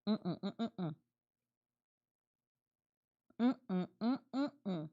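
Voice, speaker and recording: A woman's voice: mid-range voice, animated, very slow, dull audio. A woman streamer chatting casually with her viewers, reading their messages aloud and laughing often. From Canada. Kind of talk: casual livestream chat.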